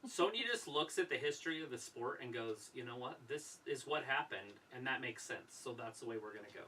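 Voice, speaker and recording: A man with a bright, mid-pitched voice co-hosts a relaxed live stream, riffing casually on the action he is watching. He sits a little away from the microphone, and faint background noise and room ambience can be heard. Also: brisk, recorded from a distance, poor audio. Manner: chatty, riffs on the on-screen action. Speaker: co-host of a wrestling watch-along stream.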